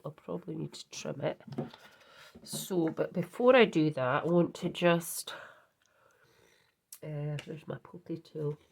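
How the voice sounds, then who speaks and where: A woman's voice: low-pitched, vocal fry, background noise. A woman hosting a craft video, chatting in a rambling way and correcting herself as she works, with a sweet in her mouth against a cough. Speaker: craft channel host. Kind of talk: casual crafting demonstration.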